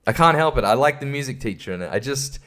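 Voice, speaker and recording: A fast-talking man with an expressive, medium-pitched, slightly bright voice hosts a podcast and rants about a film casually and profanely. Exasperated and rambling, he stumbles over his words and laughs between thoughts.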